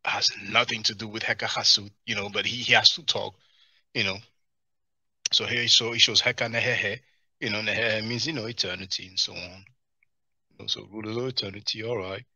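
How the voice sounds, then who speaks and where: A man's voice: on the low side, brisk, breathy edge, dry recording, clean studio sound. A man hosting a live stream, reading chat and mocking the video clips he plays. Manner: mocking, animated, answers chat comments.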